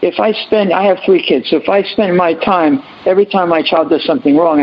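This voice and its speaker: A man with a fairly high, husky voice gives impassioned remarks on a panel. He speaks as an educator, earnest and preachy, circling back over his phrases. The sound is dull and lo-fi. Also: fairly quick, few pauses.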